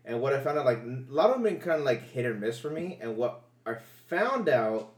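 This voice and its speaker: A man co-hosting a podcast in casual chat, animated and rambling with many restarts. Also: mid-range voice, a little fast, reverberant, recorded from a distance. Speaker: podcast co-host.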